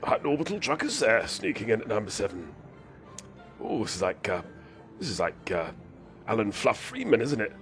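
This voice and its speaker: A man's voice: fairly low pitch, sing-song, moderate pace, long pauses, fairly bright tone. A man chatting through a game stream, rambling and whimsical, a bit ill and hyper. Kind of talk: casual live-stream commentary. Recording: faint game music behind.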